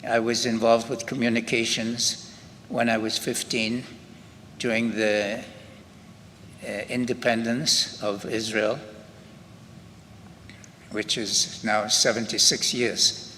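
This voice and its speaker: Slow-speaking older Scottish man. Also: mid-range voice, level tone, pushed and bright. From Scotland. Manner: unhurried, halting, with frequent restarts. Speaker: Holocaust survivor speaker. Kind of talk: personal testimony at a memorial ceremony. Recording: long hall reverb with faint ambient noise.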